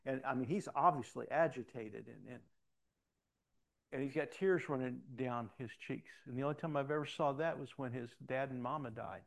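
A man's voice: mid-range voice, moderate pace, creaky. An older man, a pastor, preaching a sermon in a conversational storytelling way with frequent restarts.

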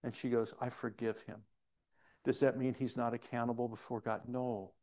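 A man's voice: medium pitch, level tone, a little fast, mellow. A male pastor preaching a sermon in a church, telling a story earnestly with frequent restarts.

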